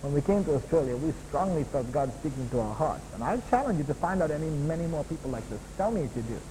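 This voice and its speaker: A man preaching a sermon as a pastor, building to loud emphatic peaks and then dropping to quieter, lower asides. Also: expressive, quick pace, noisy background. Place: church hall. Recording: long hall reverb, faint ambience.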